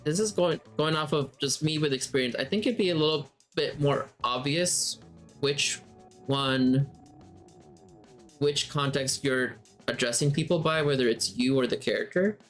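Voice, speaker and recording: Male game master teacher, middle-pitched, casual unscripted lesson style, self-correcting, faint guitar underneath. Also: fairly bright tone. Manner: conversational, thinks aloud and rephrases mid-sentence. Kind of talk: casual spoken lesson answering questions.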